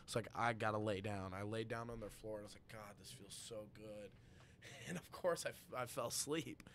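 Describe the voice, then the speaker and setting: A young man chatting as a podcast guest, telling an animated story full of laughs and swearing. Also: fairly low pitch, fast talker, slight background noise. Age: young adult. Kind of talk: casual chat.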